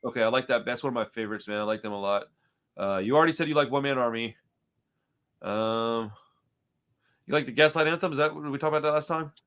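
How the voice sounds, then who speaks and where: Man from Houston, podcast host, rapid casual storytelling, bright forceful voice, swears a lot. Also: medium pitch, clean tone. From Houston, Texas. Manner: swearing storyteller, says dude and bro. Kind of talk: casual chat.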